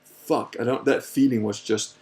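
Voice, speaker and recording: Man, middle pitch, casual livestream Q&A, rambling storyteller, profane, animated. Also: moderate pace. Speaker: host answering viewer questions.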